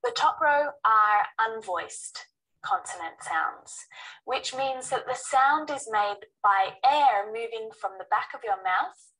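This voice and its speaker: A woman's voice: mid-range voice, a bit bright, distant mic, low-quality recording. A woman teaching an English pronunciation lesson, carefully sounding out each consonant. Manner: slow, careful sounding out of letters.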